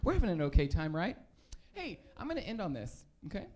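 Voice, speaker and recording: A man's voice: sits high, huge pitch swings, brisk, a little mellow. A man doing a rambling, self-deprecating stand-up comedy set on a comedy club stage, full of fillers and restarts.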